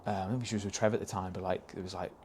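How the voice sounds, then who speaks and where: A man's voice: deep voice, flat delivery, very fast, a little mellow, slight background noise. A man, a podcast guest telling casual anecdotes, swearing freely and laughing through his stories. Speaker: podcast guest, stock car racing driver.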